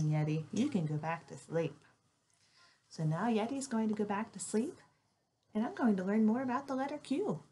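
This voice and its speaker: A woman teacher giving a phonics lesson to young children from home, slowly and clearly modeling letter sounds in an animated, sing-song way. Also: mid-range voice, a little hiss or hum.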